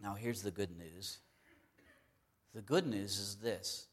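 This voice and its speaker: A man's voice: on the low side, slow. Earnest preaching man. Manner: earnest, emphatic, repeats key phrases. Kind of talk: sermon.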